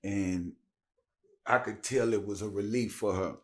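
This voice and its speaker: A man's voice: on the low side, measured pace. A man, telling a story casually as a podcast guest and acting out the dialogue. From Tennessee. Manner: animated, acts out dialogue with raised voice.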